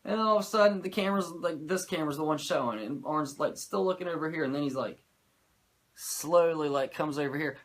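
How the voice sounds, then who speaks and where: A man hosting a podcast, recapping a show in animated, profane, sarcastic casual chat. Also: fairly high pitch, a little fast. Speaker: podcast host recapping wrestling.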